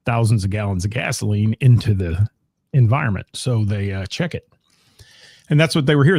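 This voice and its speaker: A man's voice: mid-range voice, a little mellow, breathy edge, no room sound, studio quality. A middle-aged man from Ohio, co-hosting a casual live-streamed chat from home and greeting viewers by name. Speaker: co-host of a live-streamed talk show.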